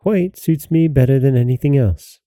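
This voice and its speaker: A man voicing a gentle young princess, the king's youngest daughter, speaking softly and earnestly. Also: medium pitch, moderate pace, no room sound, close to an everyday voice.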